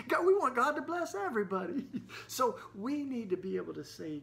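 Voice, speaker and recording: A man delivers an impassioned, preacher-like talk with a bright, forceful tone. He speaks with earnest conviction, and his phrasing is dotted with "uh" fillers and quick restarts. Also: high voice, animated, creaky. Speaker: faith activist speaker.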